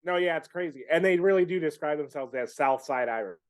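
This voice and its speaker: A man co-hosting a podcast in casual chat, agreeing and adding quick asides. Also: fairly high pitch. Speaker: podcast co-host.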